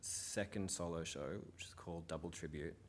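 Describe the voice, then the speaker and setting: Deep-voiced Australian man, laid-back storyteller. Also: normal speed, slightly rough. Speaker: comedian, guest. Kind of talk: casual chat.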